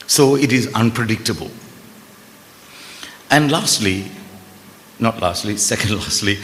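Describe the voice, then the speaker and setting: A man whose first language is Malayalam lectures at a conference in a lowish voice, talking conversationally and slipping in wry asides about himself. His voice rings out with a long hall reverb over a faint hum of background noise. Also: a bit bright. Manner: conversational, with self-deprecating asides. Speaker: conference speaker on trauma.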